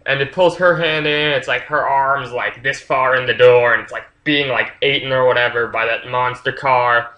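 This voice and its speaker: A man's voice: mid-range voice, sharp tone, low-quality recording. A man casually retelling a story's plot for a book review, rambling with lots of fillers and swearing freely.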